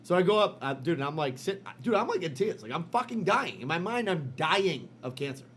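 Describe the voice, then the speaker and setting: A man co-hosting a casual podcast with a somewhat high voice. He tells stories loosely and animatedly, with plenty of swearing and filler words. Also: a little fast, a little hiss or hum. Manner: animated, profane, lots of fillers. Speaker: podcast co-host. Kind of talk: casual storytelling chat.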